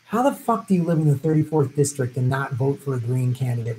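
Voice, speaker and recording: A man's voice: mid-range voice, sing-song, fast, warm tone, slight background noise, poor audio. A man hosting a live stream, giving blunt, profane, opinionated commentary on election-night results.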